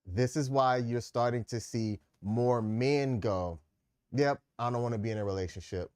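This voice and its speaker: A man co-hosts a relationship talk show and lays out his views steadily, with the odd playful exclamation. His pitch sits in the middle, and the recording is dry and close. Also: a little mellow, clear, resonant tone, no echo. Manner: measured, explanatory, playful exclamations. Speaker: podcast co-host. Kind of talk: casual opinion chat.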